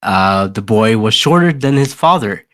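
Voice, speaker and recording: A man hosting a podcast, casually recapping a movie scene by scene with many pauses and fillers. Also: on the low side, animated, a bit bright. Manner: rambling, hesitant, many uhs. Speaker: podcast host.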